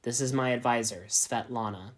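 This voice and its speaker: A man voicing a stern, bearded warrior king who speaks slowly and solemnly. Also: medium pitch, close to an everyday voice.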